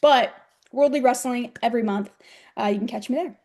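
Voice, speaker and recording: Giggling often, a young American pro wrestler tells stories in a casual interview chat. Her voice is fairly high and darkish in tone, and she speaks briskly.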